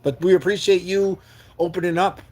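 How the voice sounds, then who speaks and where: A man from New York State hosts a live stream from his camper van, reading and answering viewer comments. His voice sits a little higher than most men's, and he speaks sincerely and earnestly. He often stumbles over and repeats words as he reaches for them. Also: steady tone, normal speed, a little mellow.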